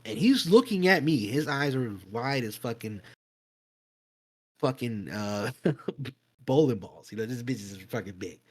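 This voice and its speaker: A man co-hosting a podcast, telling a spooky story in a casual, animated way, swearing freely and acting out voices and sounds. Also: medium pitch, a little slow, long pauses, breathy edge, low-quality recording. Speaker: podcast co-host.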